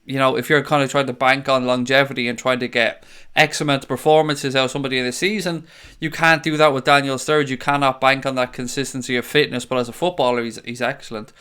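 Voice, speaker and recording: A young Irish man hosts a live fan stream, reading viewers' comments aloud and chatting casually in a blunt, sweary way. His mid-range voice has little pitch movement and a sharp, clean tone, and he talks fast.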